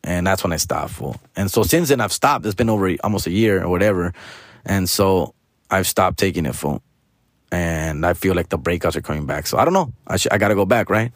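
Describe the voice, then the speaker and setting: A man's voice: low-pitched, fairly quick, no echo, studio quality. Profane Mexican-American man telling a story. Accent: Mexican-American English, code-switching to Spanish. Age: 40s. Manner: profane, slangy, animated storytelling. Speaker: podcast host. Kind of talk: casual storytelling monologue.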